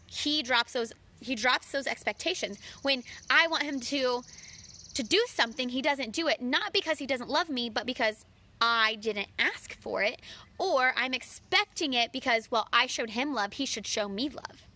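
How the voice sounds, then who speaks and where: Woman, high-pitched, bright, earnest, casual talk to camera, friendly relationship advice. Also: lively intonation, normal speed. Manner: earnest, addresses listeners as friends; acts out her own quoted lines.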